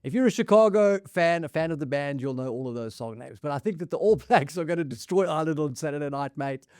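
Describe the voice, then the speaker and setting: A man talks rugby in casual, bantering chat, dropping "mate" into almost every sentence. His voice sits a little high for a man. The recording is close and dry, with no room around it. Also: lively intonation, fast talker, a little mellow, no echo. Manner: banters, says "mate" constantly. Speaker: rugby podcast co-host.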